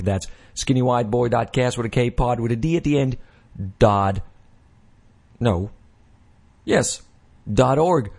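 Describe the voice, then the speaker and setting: A man hosting his own podcast in a casual, rambling way, correcting himself and filling pauses as he goes. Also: medium pitch, vocal fry. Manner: rambling, self-correcting, many fillers. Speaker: podcast host. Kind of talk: casual solo podcast talk.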